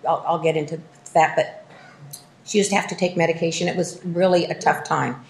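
A middle-aged woman telling her recovery story at a meeting, self-mocking and lively, full of fillers and restarts. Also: sits low, brisk, vocal fry, roomy sound. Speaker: speaker sharing at a recovery meeting. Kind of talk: personal recovery testimony.

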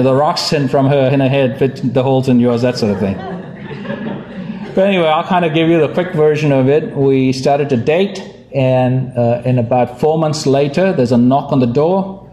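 A man's voice: medium pitch, darkish tone. Wry man telling his story. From India. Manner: wry, self-mocking storytelling. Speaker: speaker at a recovery meeting. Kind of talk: humorous personal testimony from a podium. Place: meeting hall with podium. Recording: echoey hall.

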